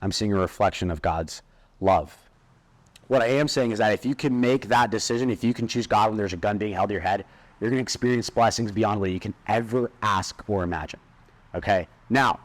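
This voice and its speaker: A young man giving a personal testimony speech at a live event, earnest and emotional, with dramatic pauses. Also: lowish voice. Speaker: speaker at an event. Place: large hall at a live event. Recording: echoey hall with background noise.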